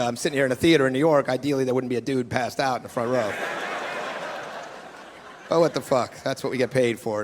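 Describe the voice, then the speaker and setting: A middle-aged man doing profane, sardonic stand-up crowd work in a theater, now and then slipping into put-on accents. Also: medium pitch. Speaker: stand-up comedian. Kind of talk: stand-up routine. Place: theater stage before a live audience. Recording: live club recording with crowd noise. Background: audience laughter.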